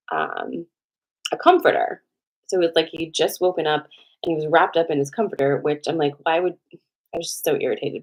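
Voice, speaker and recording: A woman host with a low-sitting voice tells viewers a personal story in a casual, animated manner, swearing a lot and filling her speech with "like."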